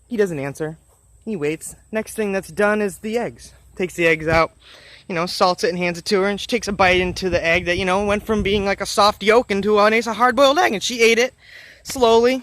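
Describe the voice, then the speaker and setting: A man's voice: high voice, normal speed, a bit bright. Rambling, earnest male storyteller. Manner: rambling, loose storytelling with many fillers; earnest, encouraging. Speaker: motivational vlogger. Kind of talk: storytelling vlog.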